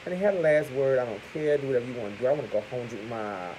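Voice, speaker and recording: A man giving crude, profane gossip commentary to his viewers, talking to them as "y'all" and punctuating points with loud exclamations. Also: medium pitch, racing, a little hiss or hum, poor audio. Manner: animated, crude, keeps calling out "Hello!". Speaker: vlogger.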